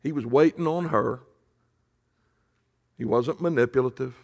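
Male preacher, gravelly voice, conversational sermon storytelling, hushed emphasis. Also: medium pitch, unhurried. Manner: conversational, drops to a hush for emphasis. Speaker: pastor.

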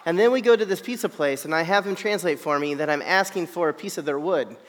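A man telling a humorous personal story to an audience, animated and self-deprecating, often checking in with "right?". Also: fairly high pitch, quick pace, long reverb tail.

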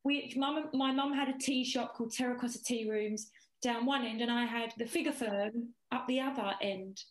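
A woman guest, pitched a bit high, telling stories with animated ease and casual swearing. Her voice rings in a roomy, echoey space. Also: normal speed. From Essex, England. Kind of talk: casual chat. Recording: echoey room.

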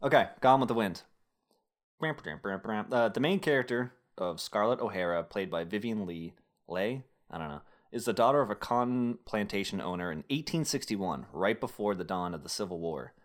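Rambling joking man, slightly low voice. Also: animated, normal speed. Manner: rambling, filler-heavy, joking asides. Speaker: podcast host summarizing a film. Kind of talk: casual chat.

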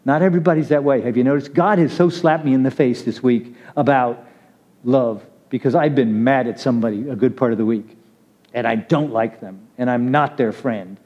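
A man's voice: medium pitch, normal speed, a little mellow. A man giving a casual, conversational sermon, chatty and laughing as he calls on listeners by name. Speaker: preacher. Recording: muffled lo-fi recording.

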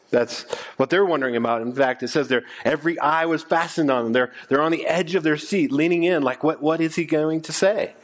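A male preacher delivering a sermon, with a voice pitched a bit high that rises and falls a great deal. He acts out what the listeners in the story might say, and he often stumbles over a word and repeats it. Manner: animated, acts out the crowd's voices. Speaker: pastor.

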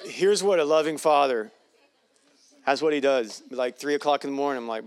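A man's voice: mid-range voice, moderate pace. A man preaching a sermon in a folksy, joking way with playful asides. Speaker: pastor.

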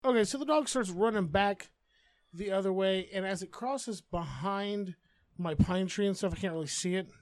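A man's voice: sits high, moderate pace, no echo. A man telling a long, profane neighborhood story as a podcast co-host in casual chat.

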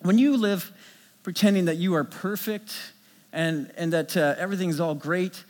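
A middle-aged man preaching a sermon as a pastor, telling stories in an animated way with many restarts. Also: high voice, normal speed, in a large hall.

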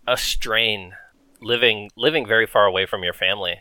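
Rambling man telling stories, bright and dry. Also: fairly low pitch, normal speed, clear, resonant tone, dry recording. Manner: rambling storyteller, lots of fillers. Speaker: podcast co-host. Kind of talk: casual chat.

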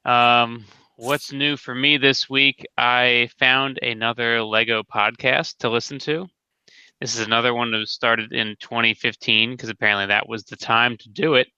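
A man hosts a casual podcast through a headset, his voice very bright and smooth. He jokes at his own expense and drifts into quick asides. The sound is close and dry. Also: medium pitch, dry recording, dull audio. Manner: joking, self-deprecating, quick asides. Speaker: podcast host.

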